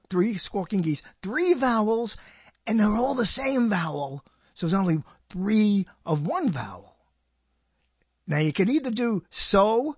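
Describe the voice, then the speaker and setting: Husky and high, this older man's voice comes through a dry recording. On his own radio show he rambles alone, joking to himself and frequently interrupting himself partway through a thought.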